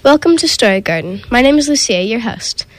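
A woman hosting community radio reads a children's picture book out loud, gently and expressively, at a fairly quick clip. Her voice is a little high, she makes minor slips and starts over, and the recording is low in quality.

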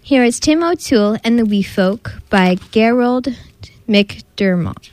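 A woman hosting a storytelling show, reading a picture book aloud with expressive narration. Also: on the high side, slow. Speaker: host and storyteller.

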